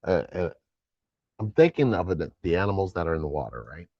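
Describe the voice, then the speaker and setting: A man's voice: deep voice, very animated, brisk, a little mellow, no room sound, muffled recording. A man co-hosting a casual live spiritual chat stream, laughing often and trailing off mid-thought.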